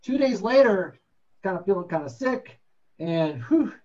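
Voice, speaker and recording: Man lecturing paramedics, high voice, blunt, joking, dull lo-fi recording. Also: animated, unhurried, a little mellow. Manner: blunt, joking, acts out patient stories. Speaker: paramedic instructor. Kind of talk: classroom lecture.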